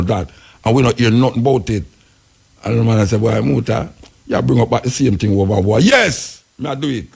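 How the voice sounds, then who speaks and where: A Jamaican man hosts a radio talk show, rambling through the news in heavy patois. His voice is gravelly, with a husky edge. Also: medium pitch. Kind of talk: casual on-air commentary.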